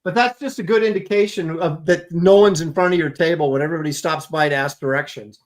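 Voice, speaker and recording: A man's voice: a little high, fast. A man hosting a comics podcast, rambling through self-mocking convention stories in a casual chat. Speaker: comic artist podcast host.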